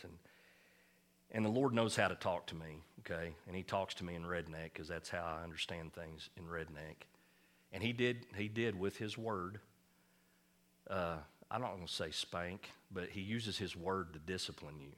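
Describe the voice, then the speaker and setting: A male pastor tells a personal story in his sermon, folksy and self-deprecating. His voice sits fairly low yet sounds bright and forceful. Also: steady tone, moderate pace.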